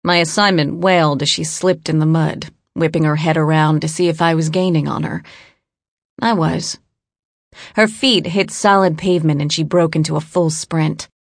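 A woman narrating an audiobook in a measured, cool first-person delivery. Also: sits low, steady tone, dry recording, clean studio sound.

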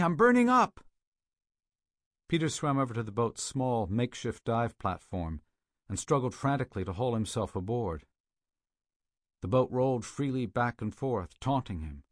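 A man narrating a thriller audiobook in a steady, measured way, on a close studio mic. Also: on the low side, no echo.

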